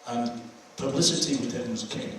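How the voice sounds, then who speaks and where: In a screening hall, an older host fields audience questions following a film, telling chatty stories in a mid-range, somewhat bright voice at normal speed. The recording is distant and echoey, with a little hiss or hum.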